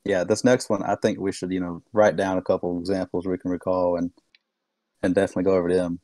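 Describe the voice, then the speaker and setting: Deep-voiced, laid-back podcast guy. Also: little pitch movement, fast, dark tone, no echo. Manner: laid-back, laughs along. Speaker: podcast co-host. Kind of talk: casual podcast chat.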